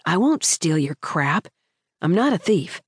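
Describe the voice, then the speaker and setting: A woman's voice: on the low side, big pitch swings, unhurried, husky, dry recording, studio quality, exaggerated voice. A woman voicing a cocky, teasing scrawny schoolboy in an audiobook, with a confident, smirking delivery. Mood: earnest. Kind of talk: audiobook character voice.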